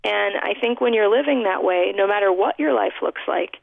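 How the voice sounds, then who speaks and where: A woman's voice: medium pitch, moderate pace, creaky, no echo. A woman from New York City, a guest author in a radio interview, telling her life story in a heartfelt, reflective way with frequent restarts. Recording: dry, thin phone-like line.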